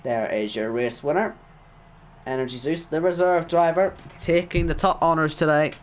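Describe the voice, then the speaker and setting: Hoarse esports commentator, man. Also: a little high, moderate pace, a little hiss or hum. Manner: chatty, reads chat aloud, self-deprecating. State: hoarse, worn-out voice. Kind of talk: casual stream sign-off commentary.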